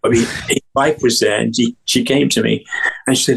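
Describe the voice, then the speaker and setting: An older man from England, a guest musician, telling stories in a rambling way with many restarts and acted-out quotes in a husky voice. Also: medium pitch, fairly even intonation, a little fast, low-quality recording. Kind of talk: casual storytelling interview.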